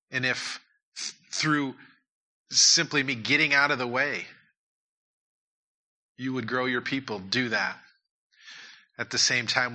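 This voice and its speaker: A man's voice: medium pitch, pushed and bright. A man preaching a sermon and leading prayer in a church, earnest and repeating his key points. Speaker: pastor.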